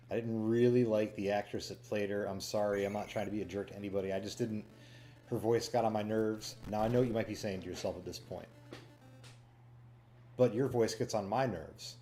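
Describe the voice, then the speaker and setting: A man casually reviewing a show, chatty and cynical, with frequent fillers, breaking into quick impressions of lines he quotes. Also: on the low side, little pitch movement, mellow, faint music behind.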